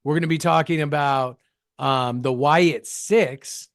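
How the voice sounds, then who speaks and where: A man co-hosts a comedy wrestling podcast with hammy, mock-grand emphasis. His voice sits a little high. He is recorded close and dry. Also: slow, fairly bright tone, dry recording. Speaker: co-host.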